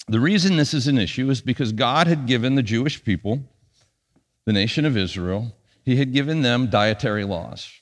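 A pastor delivers his sermon with lively, punchy emphasis, then drops into quiet asides. He has a middle-pitched man's voice. The sound rings with the long reverb of a church sanctuary.

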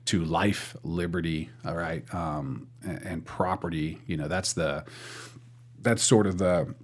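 A man's voice: deep voice, a little slow. A man co-hosting a podcast, chatting casually and wryly with frequent restarts and fillers. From United States. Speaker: podcast co-host.

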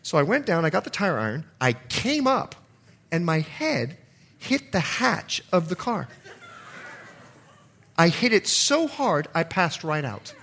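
Animated, bright-voiced man preaching. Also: a little high, measured pace, pauses often, a little hiss or hum. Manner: animated storyteller, bursts into loud exclamations. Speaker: pastor. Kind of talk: evening church sermon with personal storytelling.

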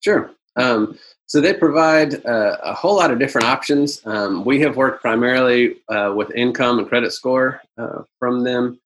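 A man presenting a business webinar over a video call, talking in a halting way with many "um"s and "uh"s. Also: mid-range voice, fairly bright tone, rough recording.

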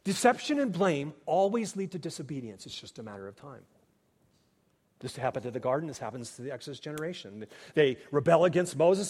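A pastor, a man, preaches a sermon in earnest, dropping to near-hushed tones and then rising to emphatic points. His voice sits a bit high for a man. A long reverb trails his words, as in a large sanctuary. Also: sing-song, fairly quick, husky.

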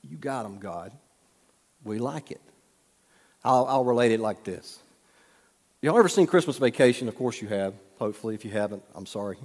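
A man preaching a sermon, telling folksy stories with humorous asides and dropping to a soft hush at times. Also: mid-range voice, brisk, long pauses. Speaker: pastor. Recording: long hall reverb.

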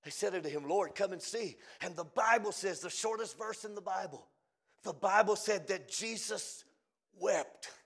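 A man with a creaky voice preaches a fiery revival sermon, swinging from shouted lines to hushed, low, drawn-out phrases.

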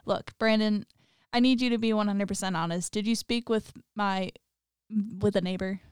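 Brief: woman doing a worn-out man on the phone, anxious and tired, slow and pressing, voice very smooth. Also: medium pitch, steady tone, darkish tone, dry recording, studio quality, lightly acted. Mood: tense.

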